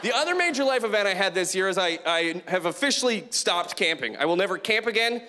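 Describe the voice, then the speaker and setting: On a comedy club stage in front of a live audience, a middle-aged man performs a stand-up set in a high, fast voice. He's animated, acting out voices and quotes, and there's slight background noise.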